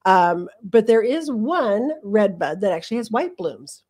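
A woman's voice: medium pitch, very animated, measured pace, a little mellow, breathy edge. A woman co-hosting a garden radio show in a studio, explaining plants in a friendly, chatty way. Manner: friendly, laughs often, explanatory. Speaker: garden center co-host. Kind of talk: casual radio chat.

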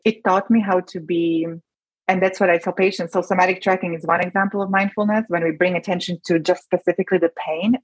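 A woman doctor speaks as a guest in an interview, warm with feeling and often stopping to restart her thought. Her voice sits a little low and sounds husky. The sound is close and dry. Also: no echo, low-quality recording. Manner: earnest, emotional, many restarts. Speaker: rheumatologist guest. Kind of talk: conversational interview.

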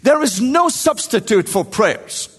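Man, preacher, high voice, emphatic repeated phrases, long hall echo. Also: very animated, unhurried, fairly bright tone, husky. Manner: emphatic, repetitive preaching with call-and-response questions. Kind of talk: sermon.

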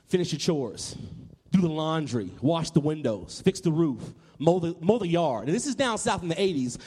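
A man in his thirties from Tennessee, telling an animated personal story to a live audience, often repeating words and acting out voices. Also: on the high side, big-room sound. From Nashville, Tennessee, US. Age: 30s. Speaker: public speaker.

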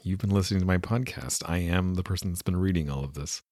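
A man's voice: low voice, quick pace, a little mellow, dry recording, studio quality. A man with a West Coast Canadian accent, a podcast host and audiobook reader chatting casually in a jokey, self-deprecating way. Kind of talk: casual chat.

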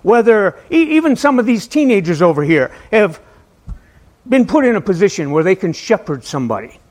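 A man's voice: sits high, big pitch swings, a little fast, a little mellow. A male pastor giving a casual, conversational sermon to a small church, often stumbling on and repeating his words. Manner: conversational, self-deprecating, repeats words when starting sentences.

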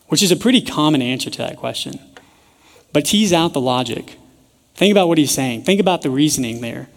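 A young man preaching a sermon in a casual, joking storytelling way with lively asides. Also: mid-range voice, quick pace. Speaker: pastor teaching a sermon series. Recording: echoey church hall.

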